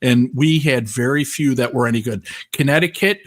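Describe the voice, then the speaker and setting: A man's voice: medium pitch, normal speed. A man co-hosting a casual talk show, telling blunt, profane stories and acting out the people in them. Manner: crude, blunt storyteller who acts out quotes. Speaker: podcast co-host. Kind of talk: casual banter.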